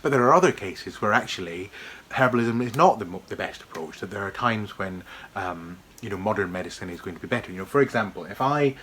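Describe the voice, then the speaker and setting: Man, low voice, chatty, enthusiastic, casual book review, faint ambience. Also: expressive, quick pace, a bit bright, a little hiss or hum.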